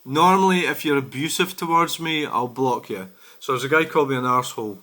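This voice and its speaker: A man's voice: medium pitch, a little fast, bright, forceful tone. A Scottish man giving blunt, exasperated casual commentary on comments he has received, swearing freely. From Scotland. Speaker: vlogger.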